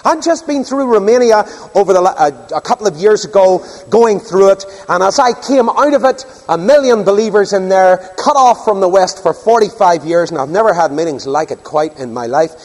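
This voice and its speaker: Older preacher, emphatic sermon delivery, voice soaring high in a reverberant hall. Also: male voice, lively intonation, moderate pace, hardly any pauses, darkish tone. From Northern Ireland. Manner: emphatic, rhetorical questions, sweeping pitch.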